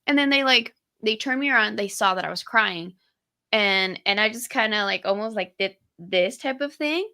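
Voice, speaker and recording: A woman's voice: mid-range voice, lively intonation, normal speed, bright, forceful tone, clear, resonant tone. A young woman co-hosting a podcast, talking candidly and casually, swearing now and then as she retells personal moments. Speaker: podcast co-host. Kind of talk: casual conversation.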